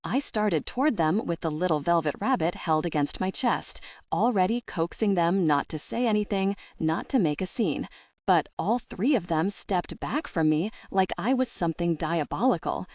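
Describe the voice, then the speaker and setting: A woman narrating a first-person audiobook in a measured, expressive way. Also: fairly low pitch, dry recording, studio quality.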